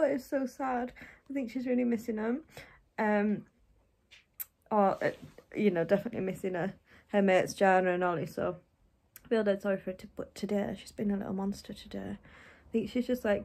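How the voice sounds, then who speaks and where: A woman's voice: mid-range voice, a little mellow. A young woman, chatting casually in a vlog and often talking to her dog. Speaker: vlogger.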